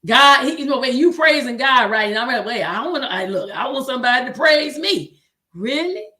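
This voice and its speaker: Southern woman host, high-pitched, exhorting sermon-style talk. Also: animated, fairly quick, pushed and bright. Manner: exhorting, repeats "come on", reads viewer comments aloud. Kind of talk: livestream talk to choir directors, preaching tone.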